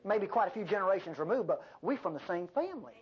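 An older woman preaching a sermon, with an animated delivery and folksy asides. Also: medium pitch, fast talker, husky. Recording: dull lo-fi sermon recording.

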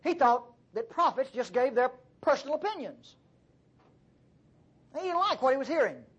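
Animated, husky-voiced male preacher. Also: very high voice, moderate pace, muffled recording. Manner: animated storytelling, conversational. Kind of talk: sermon.

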